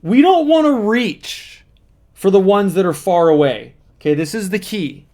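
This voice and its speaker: Coach type, high male voice, earnest explainer who repeats the key points. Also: expressive, unhurried, darkish tone. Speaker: manifesting coach. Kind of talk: motivational teaching monologue.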